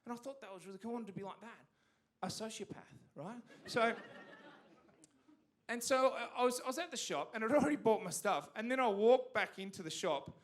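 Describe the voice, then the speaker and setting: An Australian man doing stand-up on a theatre stage, telling stories animatedly and punching up the big lines loudly. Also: high-pitched, moderate pace. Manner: animated storytelling with sudden loud punchlines. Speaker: stand-up comedian. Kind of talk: stand-up comedy set.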